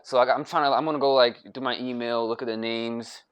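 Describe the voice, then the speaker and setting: A man's voice: medium pitch, fairly even intonation, fast, clean tone, dull audio. Young American guy, grumpy rambling rant, profane and repetitive. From United States. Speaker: vlogger.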